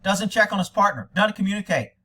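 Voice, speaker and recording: Indignant high-voiced American man ranting. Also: animated, quick pace, very noisy. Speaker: commentator reacting to police video. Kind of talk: commentary.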